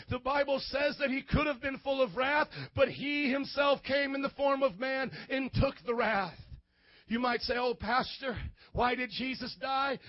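A man who is a pastor, preaching a sermon in church with call-and-response, rising into shouts. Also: extremely high pitch, no room sound, muffled recording.

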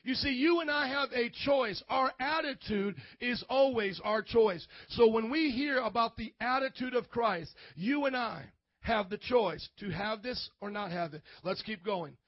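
High-voiced man preaching a sermon. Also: unhurried, no room sound, dull audio. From grew up in an Italian family. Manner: call-and-response preaching, asks congregation for amens; acts out quoted voices. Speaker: pastor.

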